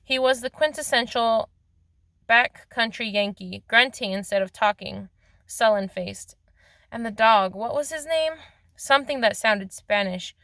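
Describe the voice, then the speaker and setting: A woman's voice: a little high, measured pace, gravelly, pushed and bright, no echo. A woman reading a novel aloud in a plain voice, with occasional slips and restarts. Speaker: reader of a novel.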